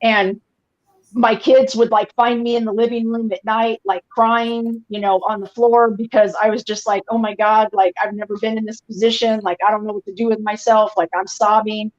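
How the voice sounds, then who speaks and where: A woman in her forties, talking in a slightly high voice and rambling through a personal story with constant "like" and "you know". Her audio comes through dull and lo-fi, like a remote call. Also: little pitch movement, normal speed. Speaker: guest on a fan podcast. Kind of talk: casual chat, emotional storytelling.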